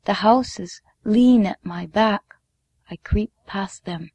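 Woman storyteller, slow and deliberate, sometimes hushed, dry close recording. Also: mid-range voice, slightly rough, no room sound. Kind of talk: reading a memoir story aloud.

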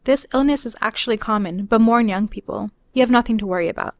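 A woman voicing a hurried, confident male doctor in a spoken story. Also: on the high side, dry recording, clean studio sound, natural voice. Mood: brisk. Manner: brisk and rushed.

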